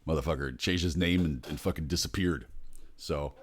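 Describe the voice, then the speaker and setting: A man in his forties, rambling in a bitter, sardonic, heavily profane monologue, muttering low and then bursting out loud. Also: moderate pace, husky, no room sound. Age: 40s. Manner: bitter, sardonic, swears a lot. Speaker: vlogger.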